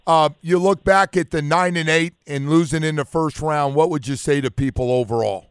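Sports radio host, slightly high voice, smooth and dry, lively questioner. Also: male voice, normal speed, no room sound. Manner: lively, asks long questions. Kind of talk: casual sports chat.

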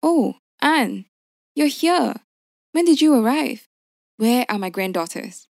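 A woman voicing a bewildered, sharp-tongued older mother in a narrated story, speaking higher and more pressing than her narration. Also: sing-song, normal speed, in a large hall. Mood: glad surprise.

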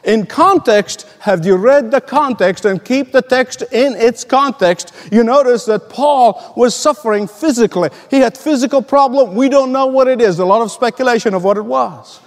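A man's voice: very high-pitched, normal speed, few pauses, big-room sound. A middle-aged male pastor delivering a sermon, earnest and emphatic, telling stories and asking rhetorical questions.

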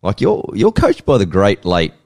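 A deep-voiced Australian man in his late thirties hosts a relaxed sports chat, pitch swinging up when he asks questions. The sound is close and dry, with no room around it. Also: normal speed, dry recording. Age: late 30s. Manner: matey, laughs often. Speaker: podcast host. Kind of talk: casual interview.

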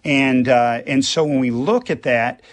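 A man's voice: mid-range voice, a little slow. A man, a priest, talking earnestly on a radio show and explaining with everyday examples. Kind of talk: radio conversation.

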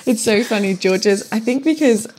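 A young woman hosting a podcast in casual chat, bubbly, laughing often and quick to exclaim. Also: fairly high pitch, animated, darkish tone, slight background noise. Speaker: podcast host.

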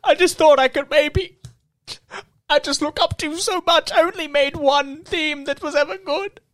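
A man's voice: very high voice, steady tone, normal speed, voice pushed up. A man voicing a fawning male jingle writer who gushes and talks gleefully about gross habits. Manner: gushing, then gleefully gross.

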